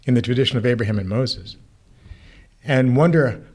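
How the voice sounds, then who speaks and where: A man, a rabbi co-hosting a podcast, explaining ideas in a relaxed conversational way and acting out quoted lines with lively shifts. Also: normal speed. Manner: animated, acts out quoted voices with rising pitch. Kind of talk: casual theological conversation.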